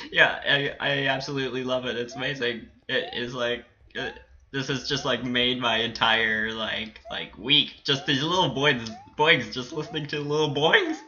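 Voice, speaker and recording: A man's voice: medium pitch, fairly even intonation, measured pace, sharp tone, lo-fi sound. A man giving casual commentary while playing a game, rambling with many fillers and giggling and squealing with delight. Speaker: gaming channel host.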